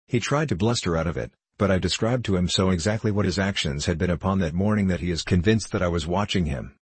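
A man's voice: low-pitched, fast talker, husky, no room sound. A man reading Sherlock Holmes, cool and shrewd. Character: cool, shrewd male detective, calm and sure of himself. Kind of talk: audiobook character reading.

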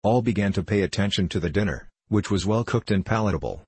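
A man narrating a story in a measured, even reading. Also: lowish voice, breathy edge, no room sound. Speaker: audiobook narrator. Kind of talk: scripted narration.

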